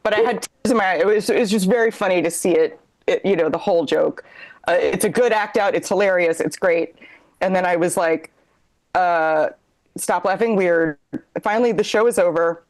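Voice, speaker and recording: A woman's voice: fairly low pitch, normal speed. A woman co-host telling a rambling, self-deprecating comedic story, often laughing through her lines.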